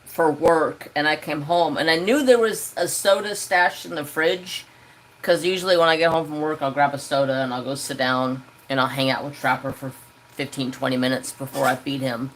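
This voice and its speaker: A man telling a story on his crafting livestream, talking casually from home. His delivery is animated and ranting, and he swears freely. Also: on the high side, moderate pace, slight background noise. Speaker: crafting channel host.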